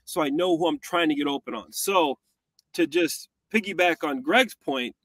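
A man with a fairly high voice co-hosts a football breakdown, casual and animated. His voice is recorded close and dry, with no room sound, and he breaks into quick voices to act out plays. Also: no echo. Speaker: co-host, former tight end.

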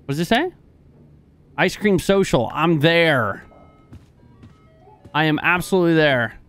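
A man hosting a let's play, giving excitable, jokey commentary with loud reactions and swearing. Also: on the high side, a little slow, clean tone. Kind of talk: gameplay commentary. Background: game music.

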